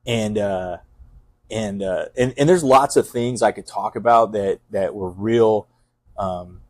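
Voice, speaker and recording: Intense fast-talking fire captain, low voice. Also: male voice, darkish tone, no room sound. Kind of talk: casual podcast conversation.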